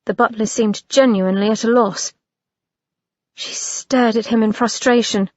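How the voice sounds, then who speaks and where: A woman narrating an audiobook in a measured, expressive reading. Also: on the high side, no room sound, lo-fi sound.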